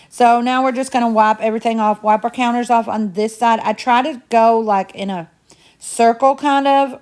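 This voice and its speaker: A woman's voice: a little high, darkish tone. A woman from Indiana with a Southern US twang that slips into a Midwestern accent, chatting casually and rambling as she narrates her cleaning vlog. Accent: Southern US twang mixed with Midwestern. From Indiana, USA. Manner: talkative, rambling, folksy. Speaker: home cleaning vlogger.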